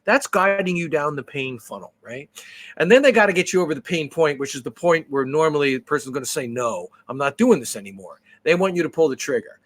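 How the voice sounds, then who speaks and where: A podcast co-host with a voice on the high side talks fast in a casual chat. He tells stories with lots of energy and swears freely.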